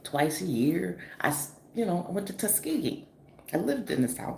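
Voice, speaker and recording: A woman in her forties from the northeastern US telling a story in a casual, animated, profane vlog style, full of fillers. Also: low-pitched, normal speed, gravelly. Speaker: vlogger. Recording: echoey room with faint noise.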